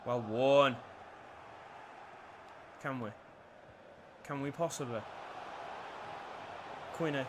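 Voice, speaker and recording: A young man commentating his own football video game match, nervy and swearing, bursting into shouts at big moments. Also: medium pitch, very slow, pauses often, a little hiss or hum. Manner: nervous, swearing, erupting into shouts at goals. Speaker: gaming YouTuber. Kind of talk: live gameplay commentary.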